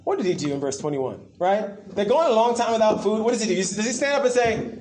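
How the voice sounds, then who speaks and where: A man preaching a sermon in an animated way, acting out the quotes he tells and asking the crowd for replies. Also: high-pitched, fast, few pauses, background noise. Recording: echoey room.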